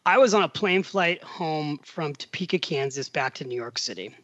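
A middle-aged American man as a podcast guest, telling a story with animated voiced-out quotes and frequent laughs. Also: fairly high pitch, normal speed, no room sound, lo-fi sound. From USA. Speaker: podcast guest, finance author. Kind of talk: casual storytelling interview.

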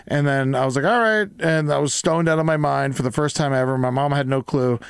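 A man, co-hosting a casual podcast chat and telling stories in a rambling, profane, animated way. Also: mid-range voice, fairly quick, gravelly, clean tone, dry recording, studio quality. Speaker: podcast co-host.

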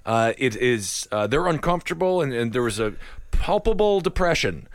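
Male host, mid-pitched voice, conversational, asks questions, dry close sound. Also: sing-song, moderate pace, no echo. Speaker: podcast host. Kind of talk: casual interview.

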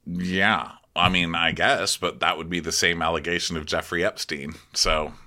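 A man's voice: sits low, flat delivery, normal speed, sharp tone. A man co-hosting a podcast, giving a snarky, exasperated recap in casual chat. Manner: snarky, exasperated, swears freely. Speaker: podcast co-host.

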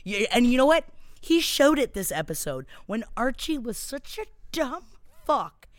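A woman's voice: on the high side, sing-song, measured pace, dry recording. A woman co-hosting a casual TV recap podcast, blunt and swearing, often breaking into laughter. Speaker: podcast co-host.

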